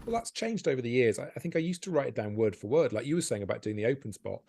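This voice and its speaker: A man, a stand-up comedian, talking candidly and self-deprecatingly in a podcast interview, animated and often laughing. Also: mid-range voice, very fast, gravelly, a little hiss or hum.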